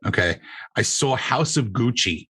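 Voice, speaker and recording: A man's voice: mid-range voice, lively intonation, unhurried, bright, forceful tone, husky, dry recording. A man co-hosting a casual podcast as a comedian, ranting sarcastically and swearing freely. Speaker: comedian co-host.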